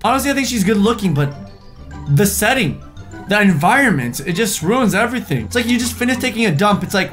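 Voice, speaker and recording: A young man with a high voice talks casually through a reaction video, cracking jokes and mocking the people in the pictures with put-on voices. Faint music plays quietly behind him. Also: brisk. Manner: animated, jokey, puts on mocking voices for people in photos.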